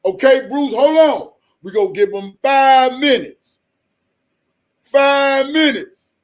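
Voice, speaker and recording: High-voiced, slow-talking joking man. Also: a little mellow. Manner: loose, joking, breaks into laughter. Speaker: live-stream host. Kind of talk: casual live-stream commentary.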